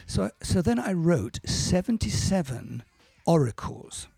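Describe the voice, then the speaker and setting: A man talking in a casual interview, telling stories in a halting, self-correcting way and acting out the quotes. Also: high-pitched, big pitch swings, vocal fry, warm tone, husky, dry recording. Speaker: interview guest, musician and producer. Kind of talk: casual storytelling in conversation.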